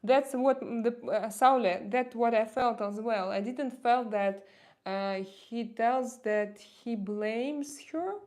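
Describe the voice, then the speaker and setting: A woman's voice: a little high, slow, darkish tone. A woman in her thirties from Russia with a strong Russian accent, chatting on a live stream and answering viewer comments with many fillers and restarts.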